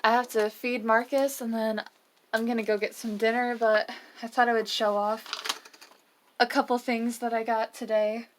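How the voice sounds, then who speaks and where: A young woman with a slightly high voice talks casually through a vlog while she has the hiccups, showing off her purchases in a dorm room. Faint noise sits under the recording. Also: flat delivery, normal speed. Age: young adult. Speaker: vlogger.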